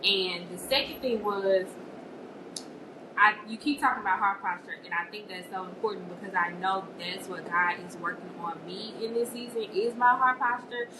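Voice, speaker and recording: A woman's voice: mid-range voice, moderate pace, recorded from a distance. Woman speaking from across an echoey room. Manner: chatty and candid, says "you know" often. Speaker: participant sharing a reflection. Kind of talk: casual personal sharing. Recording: echoey room, off-mic, noisy.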